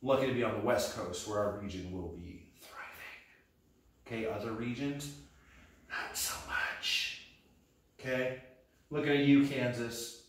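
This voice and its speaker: A man in his thirties from Texas rambles through a practice comedy set. His delivery is deadpan and self-deprecating, and he wanders between topics. The sound bounces around a reverberant room, with the mic set well back. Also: medium pitch, moderate pace, recorded from a distance. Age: 30s. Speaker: stand-up comedian.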